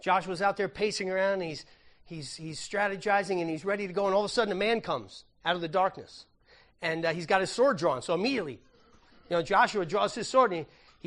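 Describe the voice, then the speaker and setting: A man with a notably high voice delivers a sermon in a church. He talks conversationally, acting out the story with playful asides and humor, like a pastor teaching his congregation. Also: a little fast, a bit bright.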